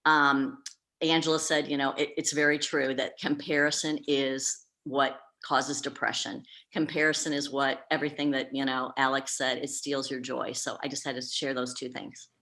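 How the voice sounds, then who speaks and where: A woman's voice: extremely low pitch, flat delivery, moderate pace, fairly bright tone. A woman who works as a professional organizer, candidly telling a story in a group meeting with plenty of fillers. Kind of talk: casual group meeting talk.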